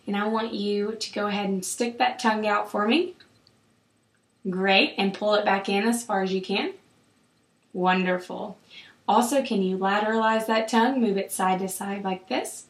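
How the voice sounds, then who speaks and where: Woman clinician, calm, encouraging, mid-pitched voice, echoey room. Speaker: clinician giving an oral exam. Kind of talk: clinical instructions to a patient. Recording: roomy echo.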